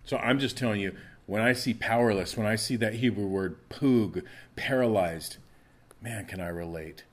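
A man's voice: lowish voice, moderate pace. Man preaching a fervent sermon. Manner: preaching with rising intensity, acting out prayers. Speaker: pastor.

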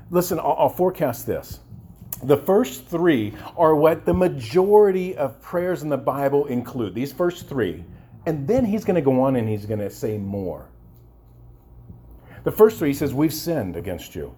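Fairly high-pitched yet mellow and husky, a man preaches a passionate sermon as pastor. He keeps repeating words and starting over, pausing to ask the congregation "amen?"

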